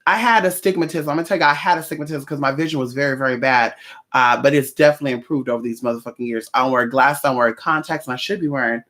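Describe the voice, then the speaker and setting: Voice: medium pitch, fairly even intonation, very fast, a bit bright. A livestream host chatting casually with viewers in a sassy, profane way, calling them honey.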